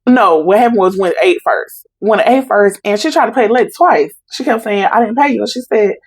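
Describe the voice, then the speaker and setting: Her pitch is medium and her speed normal, with a breathy edge, no echo, and poor audio quality. This young adult woman, appearing as a podcast guest, tells a family story with animation, acting out the voices and quoting dialogue in Southern Black vernacular.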